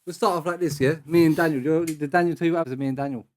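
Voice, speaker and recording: A man's voice: a little high, steady tone, racing, a little mellow. A young man hosting a casual podcast chat, telling stories animatedly in slang and swearing freely. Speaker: podcast host.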